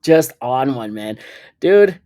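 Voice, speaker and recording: A man's voice: medium pitch, very animated, slow pace, mellow. A man, hosting a podcast and telling a story in a rambling, profane way, often correcting himself. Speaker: podcast host. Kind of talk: casual storytelling.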